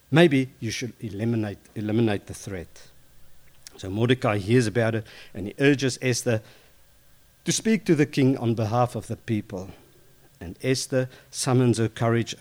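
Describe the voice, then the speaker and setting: Male storyteller with a mid-pitched voice, chatty and animated, correcting himself as he goes. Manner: lively and conversational, with fillers and self-corrections. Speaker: Bible storyteller. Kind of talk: informal retelling of a Bible story.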